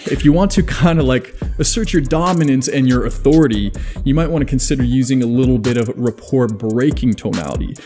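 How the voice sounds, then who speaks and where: Man, mid-pitched, mellow tone, casual self-improvement talk, chatty and self-deprecating. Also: a little fast, soft background music. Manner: chatty, self-deprecating, laughs at his own jokes. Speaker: self-improvement video host. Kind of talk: casual advice monologue.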